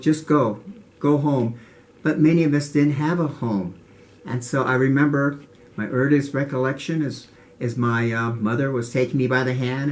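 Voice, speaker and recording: An older man telling childhood memories in an interview, earnest and halting, often repeating words. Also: mid-range voice. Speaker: interviewee, martial arts teacher. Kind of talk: reflective interview storytelling.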